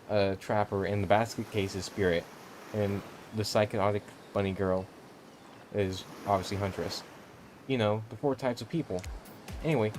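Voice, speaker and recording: Man, playful, joking, self-correcting, game read-through, music behind. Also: mid-range voice. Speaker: game streamer reading all parts. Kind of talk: casual game playthrough commentary.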